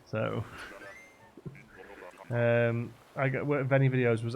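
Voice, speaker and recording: A man's voice: mid-range voice, takes it slowly, creaky, long pauses, a little hiss or hum. A young man streaming a game live, rambling casually as he answers chat messages aloud. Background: faint game music.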